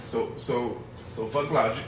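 A man co-hosting a podcast in casual chat, joking and throwing quick comebacks. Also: mid-range voice, steady tone, recorded from a distance. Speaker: podcast co-host. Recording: roomy, from off-mic, faint noise.

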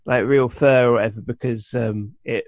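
The speaker is a male podcast co-host with a mid-range voice, a steady tone and a normal speed. He chats casually and rambles, restarting often and leaning on fillers. The lo-fi recording sounds dull but has no room sound.

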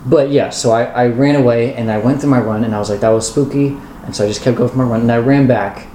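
Rambling young man, mellow voice. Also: medium pitch, steady tone, fast. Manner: rambling, self-mocking, repeats words while telling a story. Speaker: podcast co-host. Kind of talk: casual chat, storytelling. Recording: roomy echo, faint ambient noise.

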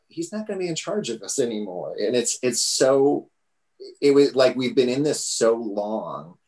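A man's voice: mid-range voice, darkish tone. A man hosting a podcast, talking casually and rambling with lots of fillers. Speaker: podcast host. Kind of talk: casual chat.

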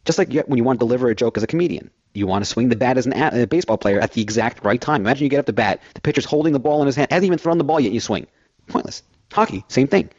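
A man's voice: mid-range voice, a little mellow, no room sound, muffled recording. A man filling in as host of a financial radio show, rambling through everyday analogies.

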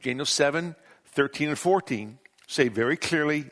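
A man preaching a sermon as pastor, reading scripture aloud and stressing key words slowly. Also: on the high side, fairly bright tone.

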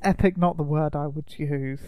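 A man hosting a casual film podcast, teasing his co-host in a dry, deadpan way. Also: on the high side, moderate pace, clear, resonant tone, no echo, lo-fi sound.

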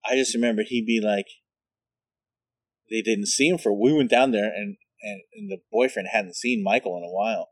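Homem falante contando histórias, voz animada. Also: male voice, mid-range voice, lively intonation, normal speed, vocal fry, breathy edge, no room sound. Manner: rambling, profane, laughs at his own stories. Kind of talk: casual storytelling chat.

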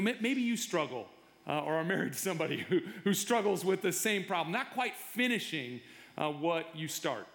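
A middle-aged male pastor preaching a sermon, often repeating words as he restarts, and growing animated when he tells stories. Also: sits high. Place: church sanctuary. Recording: echoey hall reverb. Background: long hall reverb.

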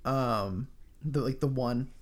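A man's voice: mid-range voice, slow pace. A man in casual conversation recapping a film, rambling with frequent fillers and laughter. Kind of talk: casual chat reviewing a film.

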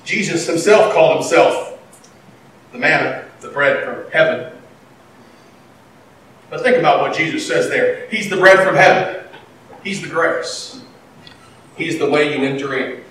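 Man, sermon, bright tone, echoey hall, off-mic. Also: on the high side, unhurried, long pauses, recorded from a distance, a little hiss or hum. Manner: animated preaching, swinging between loud and quiet. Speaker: pastor.

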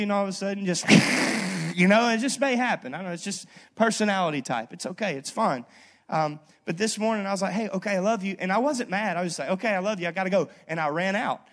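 A man preaching a sermon as pastor, talking in a casual, lively storytelling way and checking in with the congregation. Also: a little high. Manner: conversational, lively storytelling with frequent "okay?" asides. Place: church.

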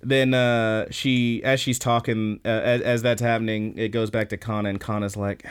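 A man co-hosting a podcast, casually recapping an anime episode with lots of fillers and quick laughs. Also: lowish voice, flat delivery, clean tone. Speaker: podcast co-host.

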